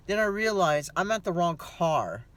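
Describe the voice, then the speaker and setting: A middle-aged man with a somewhat high voice talks to the camera from his car. He sounds worn out, drifts from story to story, swears often and laughs easily. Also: big pitch swings, normal speed, fairly bright tone. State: tired. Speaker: vlogger. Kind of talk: casual chatty storytelling.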